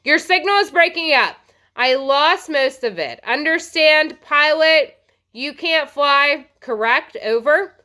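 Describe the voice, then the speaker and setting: A calm male radio operator talks in short, clipped procedure phrases, read by a woman. The voice is high and bright. Its pitch still moves in a lively way. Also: takes it slowly, exaggerated voice.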